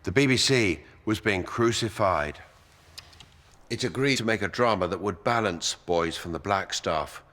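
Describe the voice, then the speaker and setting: Deep grave documentary narrator, male. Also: a little slow, fairly bright tone.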